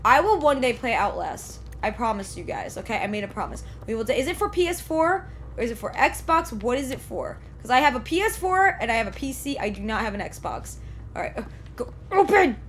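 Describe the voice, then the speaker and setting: A young woman streaming a horror game live, excitably reacting out loud and talking to the game and her chat from a desk mic at home. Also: on the high side, a little fast, a little hiss or hum. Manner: excitable, exclaims and talks to the game. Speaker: gameplay streamer. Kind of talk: live let's play commentary.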